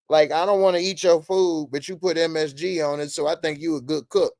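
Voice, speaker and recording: A man's voice: fairly high pitch, steady tone, moderate pace, a little mellow, no echo, studio quality. A middle-aged man hosting a casual show, riffing in loose slang and reading out viewer comments. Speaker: host.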